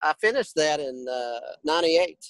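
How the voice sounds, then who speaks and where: A man speaks as a guest on a casual podcast in a relaxed way and often pauses with "uh." His voice is a bit high, and the recording is dry and close. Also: no echo, rough recording. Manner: relaxed, with many hesitant "uh"s.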